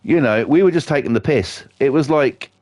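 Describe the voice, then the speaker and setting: A man's voice: medium pitch, animated, normal speed, darkish tone, no room sound. A middle-aged British man ranting sarcastically, telling swear-filled everyday stories while streaming a game. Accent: British English. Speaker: livestreamer. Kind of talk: casual ranting chat.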